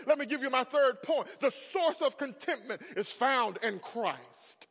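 A man in his thirties preaches with a very high voice, swinging from hushed tones to loud emphatic peaks. His words ring through a large hall with a long reverb tail. The sound is muffled and lo-fi. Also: lively intonation, unhurried, gravelly, few pauses, slightly rough. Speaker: pastor. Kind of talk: sermon.

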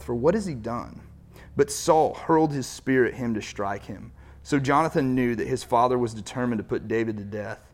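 A man's voice: medium pitch, a little mellow. A man preaching as pastor, reading scripture aloud and retelling it in casual everyday speech.

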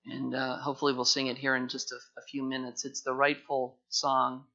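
A man's voice: mid-range voice, monotone, a little fast, vocal fry, sharp tone, lo-fi sound. A man preaching a sermon as pastor, earnest and emphatic, often repeating his phrases.

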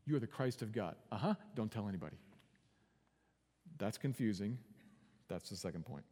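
A man's voice: fairly low pitch, expressive, moderate pace, warm tone. Earnest male preacher in a reverberant hall. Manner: earnest preaching with big swings in volume and pace. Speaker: pastor. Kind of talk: sermon.

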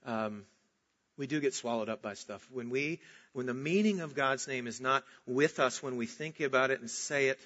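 Bright-voiced male preacher, lo-fi recording. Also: medium pitch, normal speed. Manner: animated storytelling, dropping to soft earnest emphasis. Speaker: pastor. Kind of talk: sermon.

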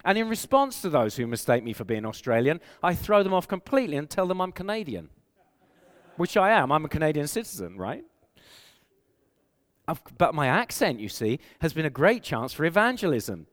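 English male pastor, mid-pitched, earnest emphatic sermon delivery, church-hall reverb. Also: big pitch swings, moderate pace. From England. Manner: earnest, emphatic preaching with rhetorical questions.

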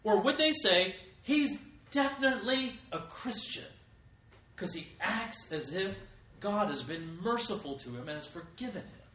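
A man's voice: sits high, animated, measured pace, sharp tone. A middle-aged man preaching a sermon as pastor, with emphatic rises in volume. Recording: echoey room, voice from a distance.

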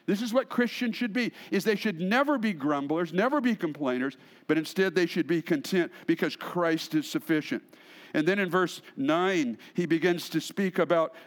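A man preaching a sermon as pastor, expressive, swinging between emphatic lines and hushed asides. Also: high-pitched.

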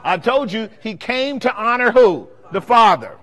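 A man's voice: high voice, sing-song, a little slow, fairly bright tone. A man teaching a Bible study sermon-style, quizzing his congregation with call-and-response questions. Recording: long hall reverb.

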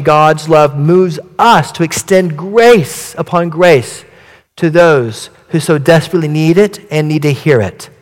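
A male pastor giving an earnest, measured sermon in a church. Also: on the high side, in a large hall.

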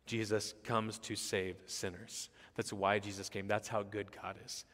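A man's voice: on the low side, flat delivery, unhurried, fairly bright tone, long reverb tail. A man who is a pastor, preaching a sermon with emphatic, repetitive phrasing.

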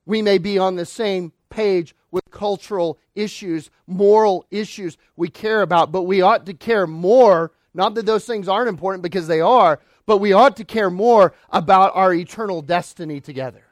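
A man preaching a sermon as pastor, emphatic, swinging between loud declarations and quiet, low lines. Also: moderate pace, hardly any pauses, no echo, studio quality.

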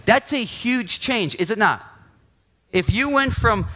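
A male pastor preaches in an animated storytelling style, often checking in with the congregation with "right?" His voice sits high for a man and has a bright, forward tone. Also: moderate pace. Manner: animated storytelling, acting out quotes, frequent "right?". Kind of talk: sermon.

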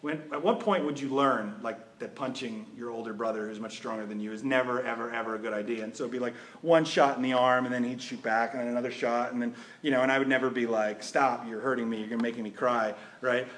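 A man's voice: medium pitch, fairly even intonation, fast, few pauses, slight background noise. A man preaching a sermon in a conversational way, often asking his listeners rhetorical questions.

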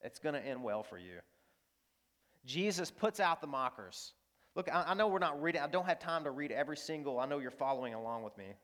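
A man's voice: a little high, fast talker, a bit bright. A man preaching a sermon as a pastor. He speaks emphatically and repeats key phrases while he tells stories.

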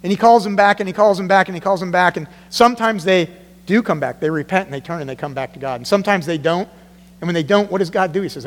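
A man preaches a sermon to his congregation in a high, bright voice. He keeps it animated, slipping into the voices of the people he quotes. The sound rings with the long reverb of a big church hall. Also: fast. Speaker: pastor.

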